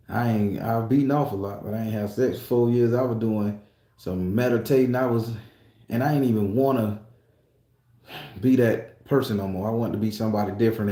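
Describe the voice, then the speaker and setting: A man's voice: medium pitch, warm tone. A man at a tattoo shop telling an emotional personal story in a profane, emphatic way. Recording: echoey room.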